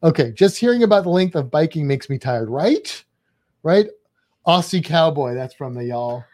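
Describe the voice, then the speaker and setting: A man's voice: fairly high pitch, very animated, normal speed, darkish tone. Chatty, jokey man on a live stream. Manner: chatty, jokey, reads chat comments aloud. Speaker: podcast co-host. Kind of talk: casual live-stream chat.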